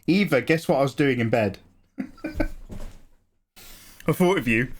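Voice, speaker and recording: A man's voice: mid-range voice, animated, unhurried, long pauses. A tired man with a chatty, laughing way of talking, answering his live stream chat from a small home studio.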